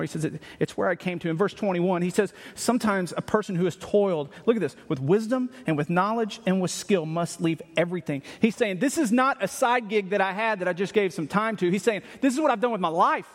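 A man's voice: high-pitched, fast, hardly any pauses, big-room sound. A man preaching a Sunday sermon, reading verses aloud and asking rhetorical questions, with emphatic restarts. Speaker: pastor.

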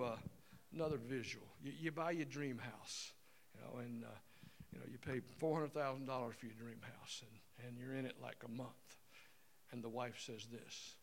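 A man's voice: mid-range voice, gravelly. A man in his sixties giving a folksy, rambling teaching talk, acting out everyday scenes with voices. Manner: rambling, acts out scenarios with voices. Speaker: seminar speaker.

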